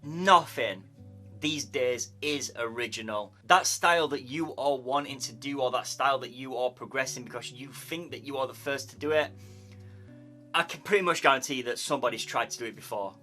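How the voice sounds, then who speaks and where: Soft music plays behind a man speaking a little fast in a medium-pitched, sharp voice. He's a tattoo artist offering casual YouTube advice to camera, yawning and tired, chattily repeating words while he thinks out loud.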